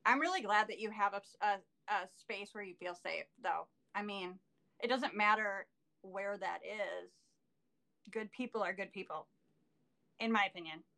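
A woman's voice: medium pitch, normal speed, vocal fry, bright, forceful tone. A woman hosting a casual interview, friendly and chatty, laughing often at her guest. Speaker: host.

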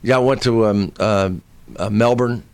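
Animated storytelling comedian man. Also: on the low side, moderate pace, clean tone, no room sound. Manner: animated storyteller who acts out voices, shouting in bits. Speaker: stand-up comedian. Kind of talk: casual chat, storytelling.

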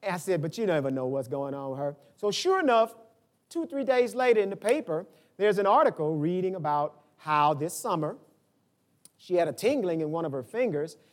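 Older pastor, high voice, very animated sermon delivery with dramatic swings. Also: male voice, brisk. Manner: animated preaching, swinging from low asides to high emphatic peaks.

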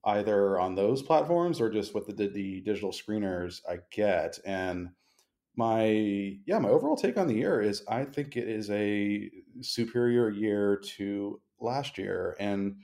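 Deep mellow-voiced male podcast host. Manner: articulate, wordy, deliberate. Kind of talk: casual chat. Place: hotel room in Montreal. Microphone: remote call recording.

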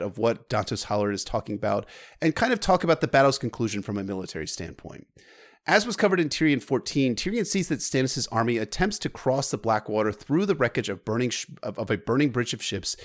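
A man co-hosting a podcast, casually analysing a book's battles, animated and profane with frequent restarts. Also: mid-range voice. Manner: animated, swearing, halting restarts. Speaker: podcast co-host.

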